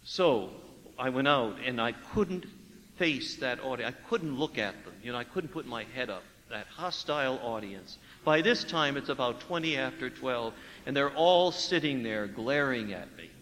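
A priest preaching a sermon, telling a story with lively acted-out dialogue and hushed asides. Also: male voice, medium pitch, moderate pace, long reverb tail, a little hiss or hum, rough recording. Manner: animated storyteller acting out dialogue, dropping to hushed tones.

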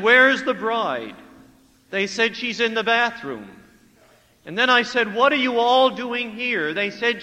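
A priest preaching a sermon, telling a story with lively acted-out dialogue and hushed asides. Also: male voice, high-pitched, in a large hall, poor audio. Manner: animated storyteller acting out dialogue, dropping to hushed tones.

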